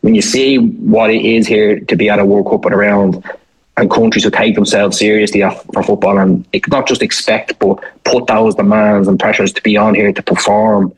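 A man's voice: fairly low pitch, little pitch movement, moderate pace, husky, low-quality recording. A man working as a football journalist, talking at length in a casual, rambling radio discussion. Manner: rambling, thoughtful, many restarts.

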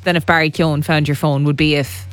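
A woman's voice: low-pitched, fairly even intonation, fast talker, no room sound, soft background music. A woman co-hosting an evening radio show, playful and wry, firing off silly wordplay in casual chat.

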